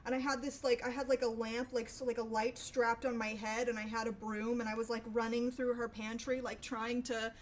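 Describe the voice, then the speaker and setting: A woman's voice: on the high side, little pitch movement, brisk, few pauses, a little hiss or hum. A young woman chatting casually with her stream viewers, rambling and swearing freely. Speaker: livestreamer.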